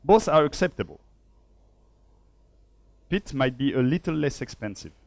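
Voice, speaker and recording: A Swiss man gives a conference talk in a hall, live coding, thinking aloud as he types and making self-deprecating jokes along the way. His medium-pitched voice is very animated yet measured, a little mellow, with vocal fry. The recording is dry.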